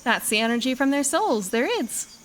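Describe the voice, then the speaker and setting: A woman's voice: on the high side, lively intonation, moderate pace, a bit bright, a little hiss or hum. A woman reading a mysterious guide character's game lines aloud in a put-on Irish-tinged voice. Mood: urgent.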